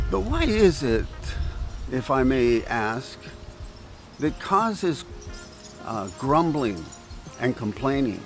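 A man's voice: medium pitch, big pitch swings, slow, long pauses, music in the background, rough recording. A man giving a conversational devotional talk outdoors in a breeze, asking his listeners questions. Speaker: preacher. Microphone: camera on a stand.

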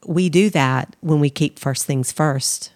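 A woman with a low voice hosts a faith podcast, speaking earnestly about God and living well. Her voice is close and dry, with no room sound. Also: slow pace, no echo. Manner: earnest, warm about faith, talks of the Holy Spirit. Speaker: podcast co-host. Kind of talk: casual faith podcast chat.

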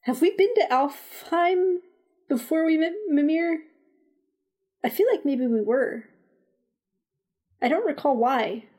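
Young female co-host, casual game chat, emphatic and lively, a touch high. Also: takes it slowly, pauses often. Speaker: podcast co-host.

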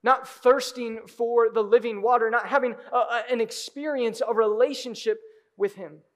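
High-voiced man preaching with dynamic swings. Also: steady tone, normal speed. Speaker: pastor. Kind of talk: sermon. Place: church sanctuary.

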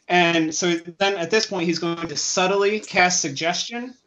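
A man's voice: sits high, a little slow, few pauses, a bit bright. A man playing a tabletop role-playing game, chatty and often stammering, sometimes speaking as his character. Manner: chatty, stammering, half-laughing. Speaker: player. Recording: dull lo-fi sound.

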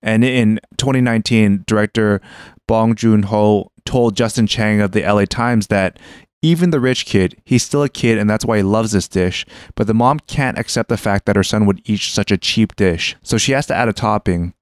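Low, smooth-voiced man explaining casually. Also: moderate pace, dry recording, clean studio sound. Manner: explanatory, loose with fillers and restarts. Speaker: podcast co-host. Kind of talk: casual chat.

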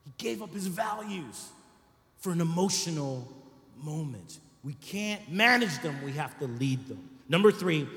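A high-pitched male pastor delivers a sermon in a chatty, conversational way, tossing "right?" to his listeners again and again. His voice carries through a large church hall with a long, ringing echo. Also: lively intonation, a little slow, a bit bright. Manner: conversational preaching with frequent "right?" asides. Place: church sanctuary.

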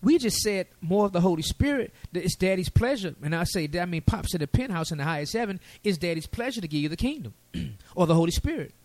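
A man preaching a sermon, lively and folksy with casual asides. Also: sits high, fast, few pauses, no echo.

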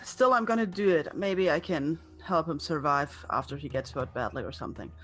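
A woman's voice: low voice, a little fast, a bit bright. A woman player in a tabletop game, arguing back in character. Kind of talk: tabletop game role-play.

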